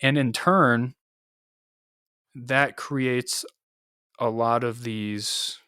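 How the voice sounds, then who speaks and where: A man's voice: medium pitch, steady tone, extremely slow, pushed and bright, smooth, no echo, clean studio sound. A man, an Army NCO co-hosting a podcast, tells a story in a loose, profane, casual way, full of fillers and acted-out quotes.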